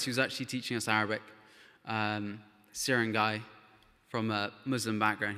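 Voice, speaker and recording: A man's voice: fairly low pitch, sharp tone, big-room sound. A man telling missionary stories to a church gathering, earnest and chatty, with frequent fillers. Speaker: missionary speaker. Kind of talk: church testimony talk.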